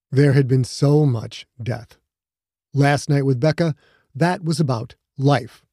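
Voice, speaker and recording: A man reading a novel aloud as narrator, measured and even. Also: mid-range voice, breathy edge, no echo, studio quality. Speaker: audiobook narrator. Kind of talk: scripted narration.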